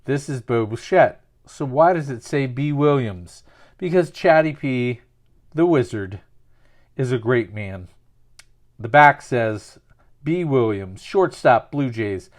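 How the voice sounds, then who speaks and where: A man's voice: mid-range voice, animated, slow pace. A man with a mid-range voice chatting his way through an opening. He rambles, jokes and pokes fun at himself as he goes. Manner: rambling, jokey, self-mocking. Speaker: sports card collector opening packs. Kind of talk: casual pack-opening commentary with absurd storytelling.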